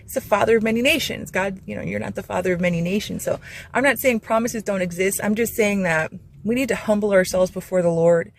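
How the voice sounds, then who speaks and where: Speaking to camera on her Christian channel, a woman delivers a heartfelt but meandering devotional talk, stopping and restarting amid many fillers. Her mid-range voice is creaky and her pace is brisk.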